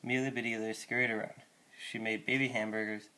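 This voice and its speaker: A man reading a children's picture book aloud in a gentle, plain storytelling way. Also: on the low side, level tone, fast talker. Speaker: reader.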